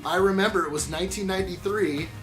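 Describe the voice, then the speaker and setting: A fast-talking man with a high-sitting voice hosts a building live stream over music, chatting upbeat and greeting viewers by name.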